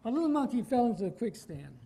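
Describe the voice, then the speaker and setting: A man's voice: very high voice, sing-song, fast, gravelly, mellow, low-quality recording. A man from Iowa preaching a sermon as pastor, emphatic and asking his congregation questions. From Iowa, United States.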